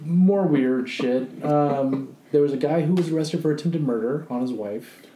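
A man's voice: on the high side, moderate pace, reverberant, crowd noise, rough recording. A man co-hosting a podcast, talking bluntly and swearing freely in casual chat. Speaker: podcast co-host.

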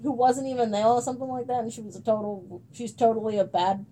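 A woman's voice: on the high side, steady tone, fast, warm tone. A young woman in casual chat, rambling through stories, acting out quotes and swearing freely.

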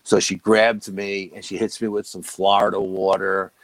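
A man's voice: low-pitched, moderate pace, poor audio. A man, a guest on the show, telling a story casually and acting out the dialogue with "I go" and "she goes". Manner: animated retelling that quotes dialogue with "I go" and "she goes". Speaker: guest recounting a paranormal investigation.

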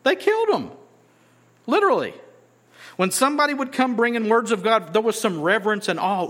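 A man's voice: sits high, very animated, brisk, long pauses, a bit bright. A man preaches a sermon in a conversational way. He reads scripture aloud and pushes his voice up emphatically on key points. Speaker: pastor.

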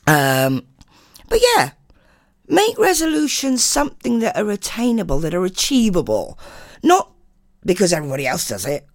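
Older lady on local radio, bit hoarse, chatty, voice swoops up and down loads, dry studio sound. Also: normal speed, no room sound. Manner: chatty and animated, swooping pitch. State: hoarse from a chest infection. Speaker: radio show host. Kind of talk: casual radio chat reading listener messages.

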